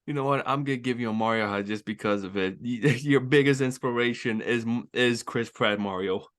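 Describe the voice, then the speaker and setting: A man's voice: medium pitch, a little fast, fairly bright tone, dry recording, clean studio sound. A man teasing his friend with laughter in casual banter.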